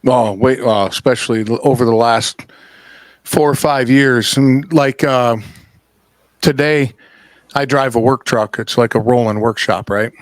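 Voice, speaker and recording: A man's voice: mid-range voice, dry recording. A man hosting a podcast, chatting casually and telling stories bluntly with plenty of swearing. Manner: blunt, profane storyteller. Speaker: podcast host. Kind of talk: casual chat.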